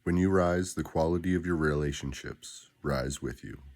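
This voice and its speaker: A man guiding listeners through spoken daily affirmations, with a slow, deliberate, grounded delivery and pauses between phrases. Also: very deep voice, darkish tone. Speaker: affirmation guide.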